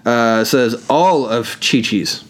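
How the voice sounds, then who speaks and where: A man's voice: mid-range voice, slow. A tired man co-hosting a podcast, joking and rambling as he reads listener comments. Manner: joking, rambling, laughs often. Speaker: podcast co-host. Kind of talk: casual chat reading listener comments.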